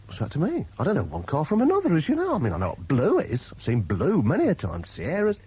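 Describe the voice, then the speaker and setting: Animated husky male storyteller. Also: fairly high pitch, fast, rough recording. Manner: animated, laughing, acts out voices in his stories. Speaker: radio presenter telling an anecdote. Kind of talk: casual storytelling chat. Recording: 1980s radio broadcast.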